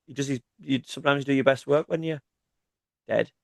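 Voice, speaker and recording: A man's voice: mid-range voice, fairly quick, gravelly, a little mellow, dry recording, studio quality. A man in his thirties co-hosting a gaming podcast, joking and playfully defensive in casual banter. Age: 30s. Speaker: podcast co-host.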